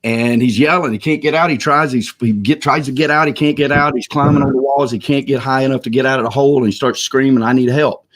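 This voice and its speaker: Husky man telling an animated story. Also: mid-range voice, quick pace, few pauses. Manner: animated storyteller, acts out voices. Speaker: co-host. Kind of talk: casual webinar talk with storytelling.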